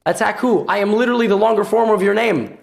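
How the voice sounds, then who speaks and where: A man's voice: sits high, fast, creaky, noisy background, voice pushed up. A man voicing an indignant, sarcastic talking chess piece.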